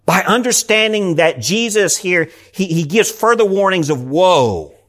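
A man's voice: sits high, expressive, a little slow, a bit bright. A man preaching a sermon, earnest and explanatory, often restarting his sentences. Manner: earnest preaching, frequent "I mean" fillers and restarts. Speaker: pastor.

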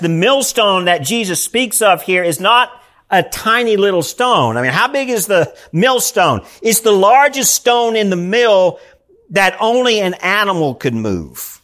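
Earnest high-voiced man preaching. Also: pushed and bright. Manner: earnest preaching, frequent "I mean" fillers and restarts. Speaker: pastor. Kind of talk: sermon.

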